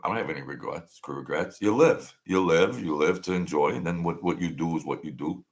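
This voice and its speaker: A man's voice: low-pitched, fairly quick. A man hosting a show, delivering a sarcastic, mocking rant. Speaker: host. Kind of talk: ranting commentary.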